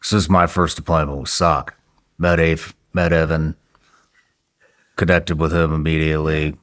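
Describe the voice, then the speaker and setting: A man's voice: extremely low pitch, level tone, normal speed, a bit bright. A man hosting a podcast, telling war stories in a blunt, matter-of-fact way with some swearing. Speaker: podcast host. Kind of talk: conversational war storytelling.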